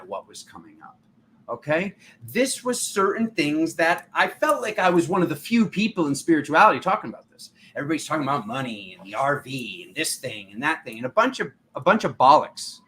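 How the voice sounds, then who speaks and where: A man hosting a live tarot reading, his voice bright and forceful. He preaches with fervent urgency and keeps addressing the viewers as his family. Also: medium pitch, a little hiss or hum. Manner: riled up, urgent. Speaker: tarot reader and channel host.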